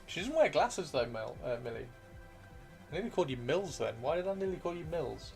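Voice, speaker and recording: A man's voice: on the high side, big pitch swings, brisk, vocal fry, darkish tone. A man streaming live, chatting casually and joking as he reads out viewer messages, his throat a bit worn from talking. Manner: chatty, joking, self-mocking. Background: faint video game music.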